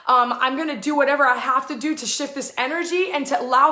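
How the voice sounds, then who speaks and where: A woman hosting a live spiritual channeling session, fast and emphatic, with swearing, and breaking into chanted invented syllables. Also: high voice, fairly even intonation, sharp tone. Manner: fast, emphatic and effusive, with profanity; chants stretches of made-up syllables. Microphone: live online video stream. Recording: echoey room.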